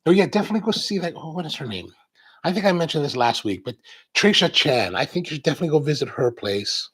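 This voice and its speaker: A man's voice: on the high side, lively intonation, fast talker, a bit bright, slightly rough, rough recording. A middle-aged man hosting a coffee channel, rambling casually through a live-stream chat while he unboxes a package. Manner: rambling, chatty storyteller.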